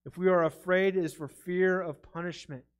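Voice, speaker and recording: A man's voice: sits high, steady tone, normal speed, clean tone. A man preaching a sermon in a church, earnest and conversational, stumbling over his words now and then. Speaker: pastor. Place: church sanctuary.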